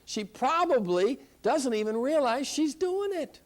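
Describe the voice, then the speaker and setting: A man's voice: extremely high pitch, expressive, unhurried. A man teaching a Christian counseling class, emphatic, repeating key phrases and asking rhetorical questions. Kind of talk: classroom lecture.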